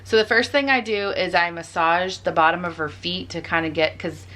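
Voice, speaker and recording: A woman's voice: lowish voice, normal speed, bright, forceful tone. A young woman, a mother, chatting casually in a home vlog and explaining each step as she does it. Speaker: vlogger and mother. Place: home bedroom.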